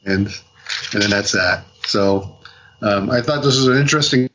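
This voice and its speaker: A man's voice: fairly low pitch, moderate pace, muffled recording, background noise. Rambling man retelling a comic plot. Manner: rambling retelling with many fillers and restarts. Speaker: podcast co-host reviewing comics. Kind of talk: casual podcast chat.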